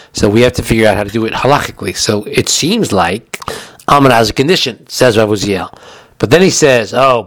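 A man's voice: mid-range voice, dry recording. A man giving a recorded halacha lesson in a chatty way, explaining with everyday examples, and he has the hiccups. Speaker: Torah teacher.

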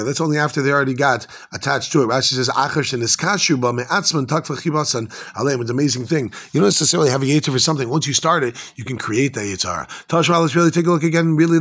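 Fast-talking man teaching a Talmud class. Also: on the high side. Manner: rapid, excitable, mixing Hebrew and Aramaic with English. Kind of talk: Talmud class, translating Aramaic into English.

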